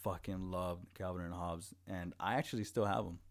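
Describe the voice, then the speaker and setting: A man's voice: sits low, fairly even intonation, a little fast. A young man telling stories in casual chat, profane and laughing often.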